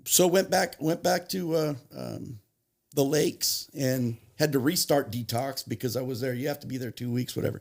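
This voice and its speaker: A man with a deeply gravelly, rough-edged voice tells his recovery story as a podcast guest. He halts, restarts and corrects himself while working through hard memories. His delivery sounds husky and worn. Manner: halting, restarts and self-corrections, emotional retelling. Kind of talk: personal storytelling.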